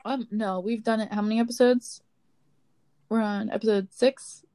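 A young woman co-hosts a podcast in loose, casual chat with a friend. She is giggly and playfully stubborn, and her voice sits a little high. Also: fairly even intonation, normal speed, warm tone, clear, resonant tone, dry recording. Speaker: podcast co-host.

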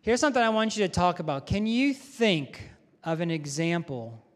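A man's voice: high-pitched, big pitch swings, moderate pace. A man, head of a school, giving a conversational chapel talk to students, joking and asking them questions. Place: large chapel or auditorium with balcony. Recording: long hall reverb.

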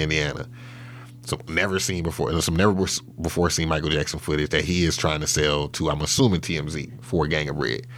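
A man being interviewed tells a story loosely and casually, swearing and using lots of fillers and restarts. His bass voice has a fairly bright tone, with slight background noise.

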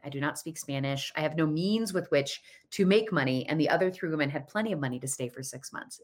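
Brief: thirties woman, lowish pitch, animated storyteller who acts out the voices. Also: quick pace, few pauses. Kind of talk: personal storytelling.

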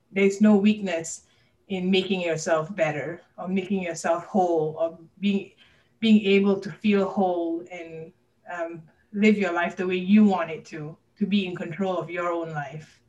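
A woman's voice: lowish voice, fairly even intonation, measured pace, a little mellow, recorded from a distance, lo-fi sound. A woman talking candidly and earnestly as a podcast guest, open about her personal struggles.

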